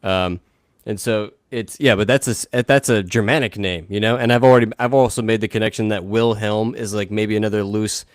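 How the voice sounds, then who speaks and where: Man, low voice, dry close sound, eager podcast talker. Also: fairly even intonation, brisk, dry recording. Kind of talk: casual podcast chat.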